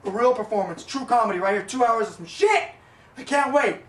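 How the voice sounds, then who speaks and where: Young guy comedian rambling fast thru a story, crude and blunt, echoey room, far from the mic. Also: very high-pitched, expressive. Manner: rambling and blunt, with crude words and constant "okay?" check-ins. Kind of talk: casual comic storytelling. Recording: roomy echo, mic at a distance, faint ambience.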